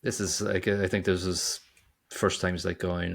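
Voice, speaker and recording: A man's voice: lowish voice, steady tone, moderate pace, a bit bright. A man co-hosting a podcast and chatting casually about a movie, jokey and prone to trailing off. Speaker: podcast co-host. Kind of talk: casual movie review chat.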